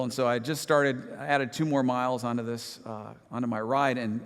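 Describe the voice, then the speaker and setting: Joking pastor in a reverberant church. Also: male voice, mid-range voice. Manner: conversational and self-deprecating, with humorous asides. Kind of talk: sermon with personal story. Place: church sanctuary.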